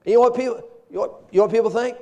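A man's voice: extremely high pitch, very fast, highs cut off. A man preaching a sermon with humor, telling everyday stories, laughing often and quoting old-fashioned scripture. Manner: humorous, animated storytelling with frequent laughter.

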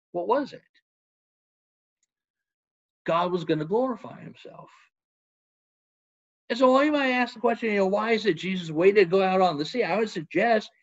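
A man's voice: high voice, dull audio. A man preaching a sermon in an earnest manner, asking rhetorical questions and citing scripture.

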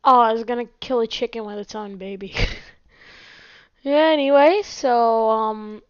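A woman's voice: fairly high pitch, unhurried, smooth. A woman hosting casual gameplay commentary from home, chatty and giggly, chatting to her pets along the way. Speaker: gaming channel host. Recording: dull lo-fi mic.

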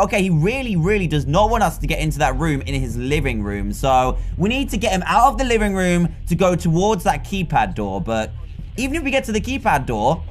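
A British man hosting a gaming video, giving excitable let's-play commentary that breaks into panicked shouts. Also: fairly high pitch, normal speed, slight background noise. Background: faint game music.

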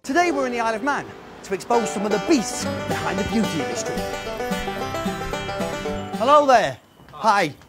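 Brief: man, fake consumer-show host, indignant bluster, mid pitch, music bed. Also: big pitch swings, normal speed, pauses often. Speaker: mock consumer-show presenter. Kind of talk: comic hidden-camera confrontation.

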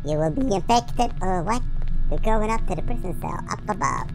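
A woman giving excitable, silly game commentary, shrieking and chanting sing-song nonsense rhymes. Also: on the low side, normal speed, low-quality recording. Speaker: gaming video host. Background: loud game music.

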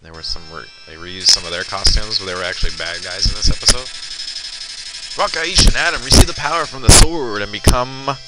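A man's voice: lowish voice, a little fast. A young man giving casual, rambling commentary while playing a video game, swearing often as he loses, recorded on a boosted computer mic that crackles. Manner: rambling, profane, swears often when losing. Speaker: let's player. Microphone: boosted computer mic with crackling audio. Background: loud game music.

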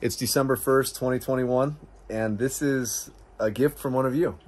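A man hosting a casual vlog, opening a viewer's gift and reading her letter aloud, bursting into excited exclamations and stumbling over words as he reads. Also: mid-range voice, normal speed. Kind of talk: casual chat to camera.

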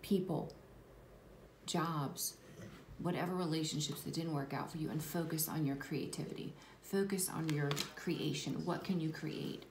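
A woman giving a spiritual tarot reading to her viewers, soft and reassuring, often dropping to a whisper. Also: deep voice, a little slow. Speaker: tarot reader. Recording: echoey room, distant mic, background noise.

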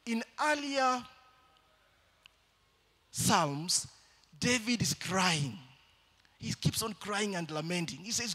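Man, church sermon, high-pitched, husky, lively preaching. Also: slow, long pauses. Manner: animated preaching with sudden loud calls to the congregation.

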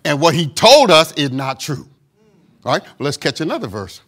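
Animated, high-voiced male preacher. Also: normal speed. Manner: emphatic preaching with call-and-response asides; acts out quoted voices of doubters. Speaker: pastor. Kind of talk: sermon.

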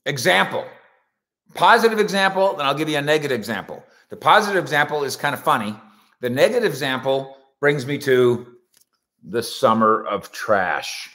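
A man hosting a casual sports talk show in a bright, forceful voice. His pitch swoops up and down a lot as he rambles through jokey stories. He keeps breaking off into playful asides. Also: animated, moderate pace. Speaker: sports radio and web show host. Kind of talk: casual comedic monologue. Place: indoors at home.

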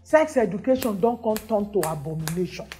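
A woman's voice: mid-range voice, animated, a little fast, warm tone, faint music behind. A woman speaking with a Nigerian Pidgin accent, hosting a social commentary monologue, emphatic and exclamatory, full of rhetorical questions. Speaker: show host.

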